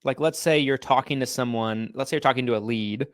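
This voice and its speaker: A man co-hosting a sales podcast, talking in a relaxed, rambling way with lots of fillers. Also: medium pitch, a little fast, no room sound, studio quality. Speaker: podcast co-host. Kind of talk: casual podcast chat.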